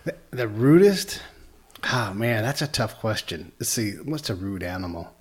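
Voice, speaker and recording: A man hosting a podcast, easygoing and quick to agree with short replies. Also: lowish voice, expressive, husky. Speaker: podcast host. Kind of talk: casual chat.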